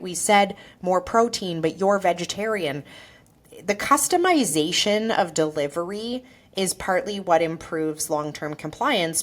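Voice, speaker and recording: A woman who is a naturopathic doctor and podcast host, talking alone in an earnest, conversational way and often checking in with "right?". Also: fairly low pitch. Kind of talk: solo podcast monologue.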